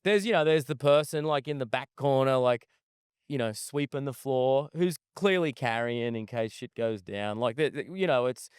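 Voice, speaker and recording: A man with a smooth, clear voice of middling pitch tells a rambling, profane story as a guest chef. The sound is close and dry, with no room around it. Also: moderate pace, no echo. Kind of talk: casual storytelling in an interview. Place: outdoor desert festival camp.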